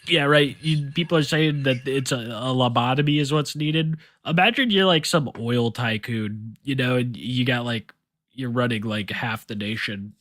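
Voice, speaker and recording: A man's voice: medium pitch, moderate pace, a bit bright, no room sound, clean studio sound. A man streaming live, giving crude, rambling, mocking commentary to his chat. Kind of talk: casual chat to stream viewers.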